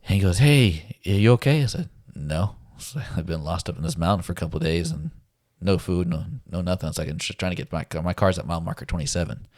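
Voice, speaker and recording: A man's voice: sits low, fast talker, few pauses, a little mellow, dry recording, clean studio sound. A man casually telling a survival story as a podcast guest, laid-back, laughing often and acting out what people said.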